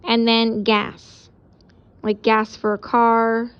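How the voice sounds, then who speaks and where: A woman teacher giving a casual recorded lesson, explaining out loud while she sketches examples. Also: fairly high pitch, completely flat delivery, takes it slowly, smooth, muffled recording.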